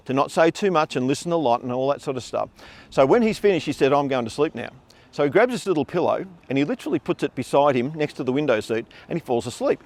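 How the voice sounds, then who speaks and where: A middle-aged man telling a funny personal anecdote in a casual, animated way. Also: mid-range voice. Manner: animated, acts out voices in his tale. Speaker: storyteller.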